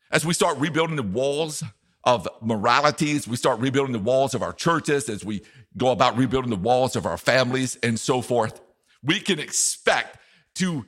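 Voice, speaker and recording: A man's voice: medium pitch, fairly bright tone, long reverb tail. A man preaching a sermon as pastor, speaking emphatically and repeating key phrases.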